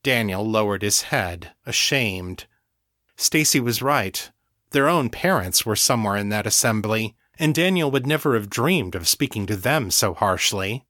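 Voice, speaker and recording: A man narrating fiction in an unhurried, expressive storytelling manner. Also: lowish voice, dry recording, studio quality. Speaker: audiobook narrator.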